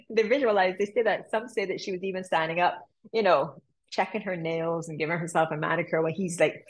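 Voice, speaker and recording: A woman's voice: on the low side, rough recording. A woman yoga teacher telling a story in a chatty, casual way, laughing often, then guiding a practice.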